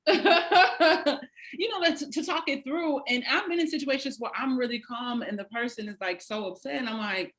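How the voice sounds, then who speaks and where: A woman's voice: sits high, normal speed, a bit bright. A woman hosting a casual chat, laid-back and slangy, laughing easily. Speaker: podcast host.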